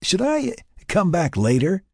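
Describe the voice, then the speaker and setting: A man's voice: high voice, huge pitch swings, unhurried, gravelly, dark tone, husky, dry recording, clean studio sound, voice pushed up, exaggerated voice. A male narrator voicing a teasing, amused young man. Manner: teasing, playful.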